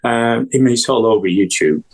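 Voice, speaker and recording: An older man from England, a guest musician, telling stories in a rambling way with many restarts and acted-out quotes in a husky voice. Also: mid-range voice, animated, normal speed, darkish tone, low-quality recording. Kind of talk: casual storytelling interview.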